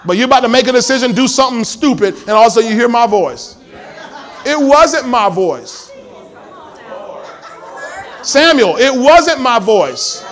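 A man's voice: extremely high pitch, animated, moderate pace, pauses often, fairly bright tone, some chatter behind. A male pastor preaching a sermon in a church, emphatic and full of call-and-response questions to the congregation.

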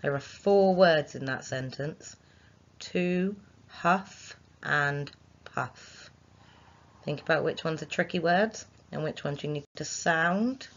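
A woman's voice: low-pitched, moderate pace, hardly any pauses, muffled recording. A woman, a primary school teacher giving a recorded phonics lesson to young children, sounding out letters and chanting rhymes for writing them.

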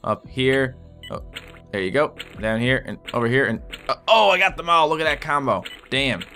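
A man giving excitable let's play commentary as he plays, swearing and yelling at his patients in a surgery game. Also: medium pitch, normal speed, soft background music. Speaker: gaming video host.

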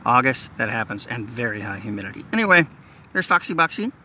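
A man's voice: mid-range voice, sing-song, fast, sharp tone, a little hiss or hum. A man from Southeast Texas with a Southern accent, casually narrating a nature vlog outdoors and chatting to viewers in a rambling way. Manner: folksy and rambling, talking to viewers. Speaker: nature vlogger. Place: outdoors in marsh near a bridge.

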